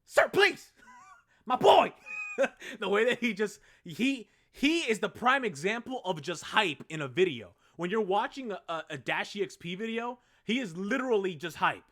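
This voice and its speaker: A young man chatting on a live stream, rambling and excitable, with a bright, forceful tone. His voice sits a bit high for a man and swings up and down a great deal. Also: moderate pace. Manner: excitable, rambling, swears freely. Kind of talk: casual live-stream chat.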